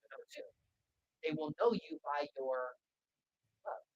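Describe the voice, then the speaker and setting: A man's voice: on the high side, measured pace, no room sound, lo-fi sound. A man who speaks at Christian schools, giving a storytelling talk to students and acting out the quoted voices. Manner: animated, acts out quoted voices.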